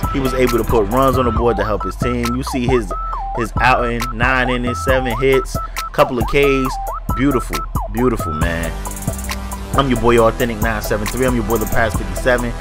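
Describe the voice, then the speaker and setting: A man's voice: mid-range voice, a little fast, over loud music. Stuffy-nosed man hyping his own gameplay. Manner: hyped, slangy, talks to viewers. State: stuffy nose from allergies. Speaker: gaming YouTuber. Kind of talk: casual gameplay commentary.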